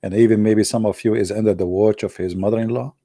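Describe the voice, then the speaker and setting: Vlogger, male, from the Arab world; teasing, mellow, dry sound. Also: lowish voice, fairly even intonation, quick pace, dry recording. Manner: teasing, chuckling asides. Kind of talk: casual joking commentary.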